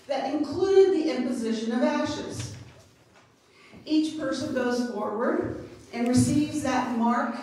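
A woman's voice: fairly high pitch, recorded from a distance. Middle-aged woman pastor in an echoey church. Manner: playful and gentle with children, then measured preaching. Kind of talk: children's sermon and sermon. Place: church sanctuary.

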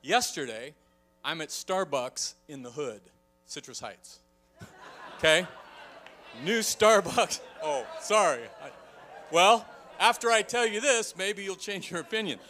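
A man preaching a sermon in a church, telling a story with lively energy and acting out the people in it. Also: high voice, unhurried, soft background music. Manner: animated storytelling, acting out shouts. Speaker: pastor.

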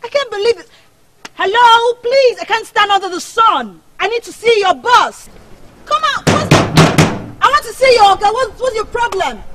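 A very high-voiced, indignant young woman with a Nigerian accent, shouting and demanding to be let through. A faint hiss runs under her voice. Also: expressive, moderate pace.

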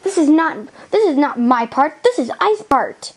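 A woman's voice: high voice, expressive, normal speed. Playful woman with swooping squeals. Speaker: toy puppeteer voicing several dolls. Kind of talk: improvised toy role-play.

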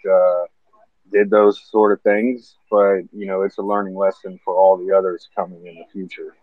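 A man's voice: low-pitched, no echo. A man chatting casually on an online call, speaking steadily with many fillers, over a tinny phone-like line.

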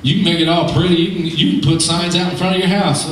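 A man preaching a sermon, emphatic and animated, swinging between shouts and low asides, heard from far off in an echoey church hall. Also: fast talker.

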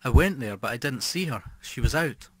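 A man's voice: mid-range voice, animated, normal speed, no room sound, natural voice. Male reader as a nervous cheating husband, uneasy and tense, audiobook, dry. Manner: uneasy, frightened. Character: nervous unfaithful husband, adult man.

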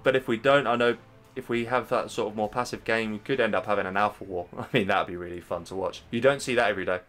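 A man in his thirties from England casts a live strategy match in a low voice, chatting with his viewers between plays. Music runs faintly underneath the talk. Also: quick pace. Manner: chatty, addresses the chat directly, gets excited at plays. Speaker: stream host and caster. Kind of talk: live game commentary.

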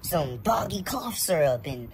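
A man's voice: on the high side, big pitch swings, measured pace, music in the background, voice pushed up. A man putting on the voice of a teasing male friend from a group chat, exaggerated and over-the-top. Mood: mocking.

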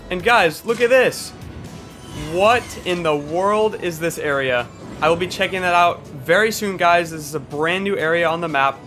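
A man's voice: fairly high pitch, bright, forceful tone. A young man giving hyped, exclamatory commentary over his own gameplay as a gaming video host. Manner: hyped, exclamatory, quick asides. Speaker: gaming YouTuber.

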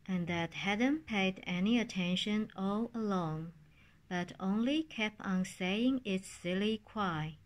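A woman reads a children's story aloud, very slowly and calmly. Her pitch sits in an ordinary middle range, and she takes her time over each phrase in a gentle storybook manner. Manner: calm, unhurried storybook reading.

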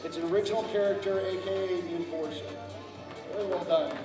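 At a large convention hall, a man emceeing a live cosplay contest cracks jokes and fumbles contestants' names, turning to the crowd for help. He speaks briskly in a high voice with fairly even intonation. A distant mic captures the echoey hall, with music and cheering crowd in the background.

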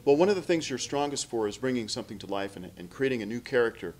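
A man hosting a casual interview, enthusiastic and quick to laugh. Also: mid-range voice, expressive, a little mellow, a little hiss or hum. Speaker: host, puppet designer.

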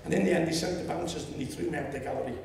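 Seventies Liverpool man, gravelly, public speech, roomy distant hall sound. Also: fairly high pitch, rapid-fire, slight background noise. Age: 70s. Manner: storytelling, rising to loud indignation. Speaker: public meeting speaker. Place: lecture hall. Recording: echoey hall, distant mic.

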